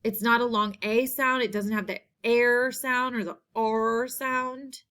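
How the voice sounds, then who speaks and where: Slow, patient woman teacher. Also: on the high side, steady tone, fairly bright tone. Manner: slow, repeats each word several times; clear, patient classroom delivery. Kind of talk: recorded spelling lesson.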